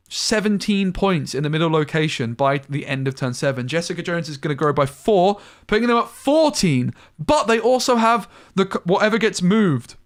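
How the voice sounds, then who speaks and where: A man casting a card game tournament live, calling plays briskly and thinking aloud between moves. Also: sits high. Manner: brisk analytical play-by-play with thinking-aloud asides. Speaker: tournament caster. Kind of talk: live esports play-by-play commentary.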